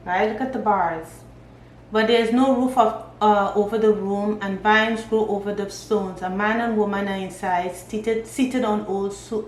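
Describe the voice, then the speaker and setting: A woman giving a casual tarot reading, thinking aloud and reading out card meanings. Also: medium pitch. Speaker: tarot reader. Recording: echoey room, faint ambient noise.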